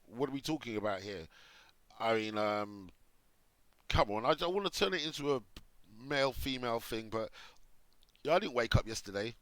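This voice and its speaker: A man's voice: mid-range voice, fairly bright tone, no echo. Sarcastic man reacting to news, dry close sound. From Jamaica. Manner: sarcastic, reading articles aloud and reacting. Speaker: commentary host. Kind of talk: off-the-cuff commentary.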